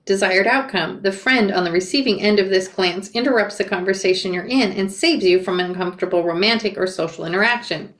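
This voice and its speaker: Woman reading a book out loud, little side comments, kinda echoey room. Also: medium pitch. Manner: reads narration plainly, breaks off for quick asides and self-corrections. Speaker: reader reacting to a memoir. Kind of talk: reading aloud with asides. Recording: roomy echo.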